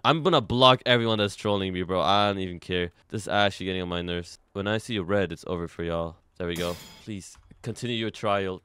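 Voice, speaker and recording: A young man streaming himself playing a game, excitable and full of slang, jumping from loud shouts to low mutters. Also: smooth, dry recording. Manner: casual slang, says "bro" often. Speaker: gaming streamer. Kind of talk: live gameplay commentary.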